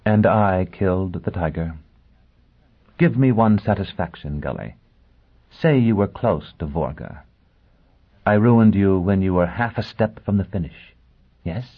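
A man voicing a bitter, proud young woman in an audiobook, speaking in a low, cutting, scornful way. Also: lively intonation, a little slow, pauses often, full character voice. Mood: taunting. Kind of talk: audiobook character voice. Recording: tinny phone-like sound.

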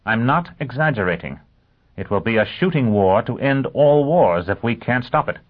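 A man voicing a forceful, impatient male intelligence chief who barks in a raised voice, in an audiobook reading. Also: mid-range voice, very animated, moderate pace, voice pushed up. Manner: barking, raised voice. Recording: tinny phone-like audio.

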